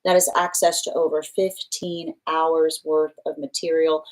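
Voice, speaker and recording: Lowish-voiced woman doing a live tarot reading, chatty and animated, laughs a lot, says "like" all the time. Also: measured pace, low-quality recording. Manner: animated, laughs often, acts out quoted exchanges; casual fillers, repeats words for emphasis. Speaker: tarot reader.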